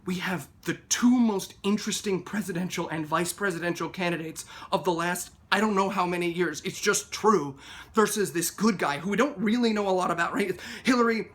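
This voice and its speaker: Fast-talking man on a comedic rant. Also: high voice. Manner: fast, animated, shouting mock quotes.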